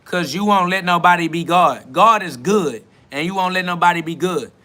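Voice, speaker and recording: High, bright-voiced man preaching in slang. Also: moderate pace. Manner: emphatic, profane, repetitive preaching cadence. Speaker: self-styled spiritual podcast host. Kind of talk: improvised street-slang sermon. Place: outdoors beside a road with passing cars.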